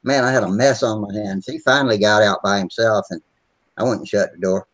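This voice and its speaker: A man's voice: lowish voice, steady tone, a little fast, low-quality recording. A man chatting on a video call, telling rambling, salty stories and laughing easily. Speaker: regular on a hobby video hangout. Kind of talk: casual chat, swapping stories.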